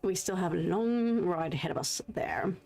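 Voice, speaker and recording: A woman's voice: fairly low pitch, normal speed, vocal fry, a little mellow, faint music behind. A young woman, chatting casually with her viewers as she paints on a livestream, laughing often and thanking people in chat. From United States. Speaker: livestreaming artist.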